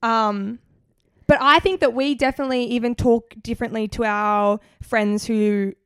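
A woman's voice: fairly high pitch, fairly even intonation, moderate pace, clear, resonant tone, no room sound, studio quality. A young woman from Queensland with an Australian accent, co-hosting a podcast and telling stories in chatty, giggly casual talk. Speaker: podcast co-host. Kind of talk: casual chat.

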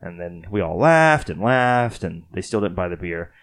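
Very deep-voiced man rambling, joking. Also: animated, moderate pace, a bit bright. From Texas. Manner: rambling, joking, self-mocking. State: tired after a late night. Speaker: podcast host. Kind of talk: casual chat.

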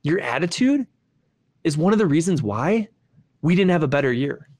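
Man playing a demanding college hockey coach, stern and matter-of-fact, fairly high voice. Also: very animated, moderate pace, a little mellow.

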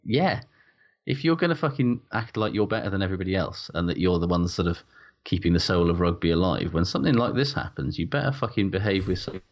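A man's voice: low voice, vocal fry. A man co-hosting a sweary podcast, ranting in exasperation. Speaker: podcast co-host. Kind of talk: casual sweary podcast chat. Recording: dull lo-fi sound.

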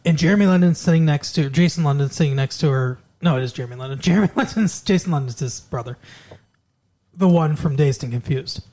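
A man's voice: fairly high pitch, fast, warm tone. A man co-hosting a casual chat, rambling through a movie plot and loosely acting out the characters' lines. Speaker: podcast co-host.

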